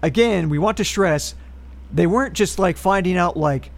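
A man with a slightly higher voice co-hosts a relaxed podcast. He works through a history segment, reading the facts, and breaks off into wry political commentary along the way. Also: normal speed, creaky. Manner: reads historical facts, then adds wry political asides. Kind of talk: casual podcast chat.

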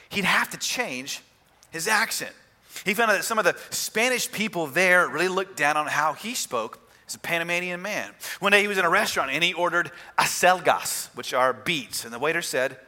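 A male pastor preaching a sermon, animated, with emphatic rises and soft drops. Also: a little high, big-room sound.

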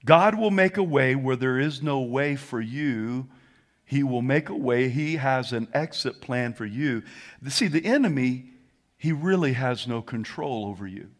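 A man preaching a sermon to a congregation in church, animated and calling for responses, dropping to a hush and rising to shouts. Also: medium pitch, unhurried. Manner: animated, swings from hushed to shouting. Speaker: pastor.

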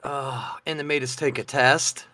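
A man's voice: medium pitch, fairly even intonation, a little slow, pushed and bright, no echo. A man, co-hosting a casual comedy chat and telling stories in a playful, self-mocking way. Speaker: podcast co-host.

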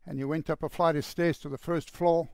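A man preaching with a slightly higher, gravelly voice. He tells a story earnestly and softens to a near hush for the quoted lines. The sound is dry and close. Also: steady tone, a little fast, no echo. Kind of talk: sermon storytelling.

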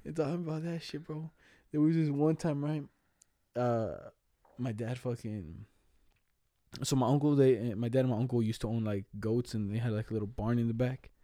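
A young man with a very dark, mellow voice spins stories in laid-back chat, full of slang and swearing. He laughs through his lines. The room is dry and close. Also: medium pitch, moderate pace, no echo. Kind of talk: casual chat.

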